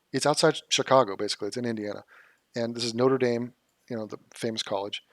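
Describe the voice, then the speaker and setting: A man's voice: medium pitch, dry recording. Sarcastic male commentator, dry close sound. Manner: sarcastic, mocking, exasperated rants. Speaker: political commentary host. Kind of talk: reaction commentary on a debate clip.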